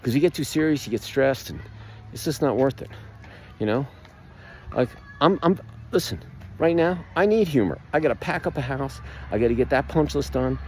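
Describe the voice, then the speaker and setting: A man's voice: medium pitch, lively intonation, moderate pace. A middle-aged man giving a casual motivational monologue as a marketing vlogger, rambling and upbeat with lots of fillers and restarts.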